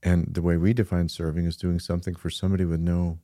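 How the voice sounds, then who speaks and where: Male pastor and podcast co-host, very low and mellow voice, earnest and emphatic delivery. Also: fast, no room sound, clean studio sound. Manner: earnest, animated emphasis on key points. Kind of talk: casual conversation about church.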